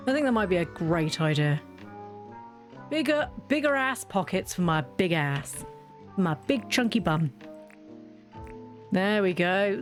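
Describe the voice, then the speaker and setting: Female let's-play host, chatty and self-mocking, average pitch, faint music bed. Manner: rambling, self-mocking, giggly. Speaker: gaming streamer. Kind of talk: casual let's-play chat.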